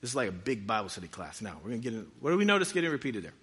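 A man's voice: on the low side, sing-song, rapid-fire, fairly bright tone, husky. A man pastor giving a conversational sermon, reading scripture aloud and joking with his congregation.

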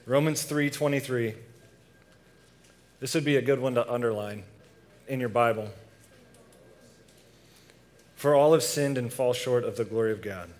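A young man delivers a relaxed sermon to a youth group at a medium pitch. He talks conversationally and keeps tossing questions out to the audience. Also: measured pace, long pauses. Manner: casual, asks the audience questions.

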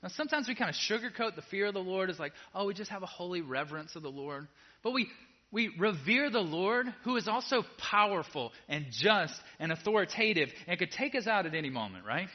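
A man preaching a sermon to a congregation in a casual, direct way, moving between quiet asides and loud emphatic peaks. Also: high voice, expressive, fairly quick. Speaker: pastor. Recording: dull lo-fi sound.

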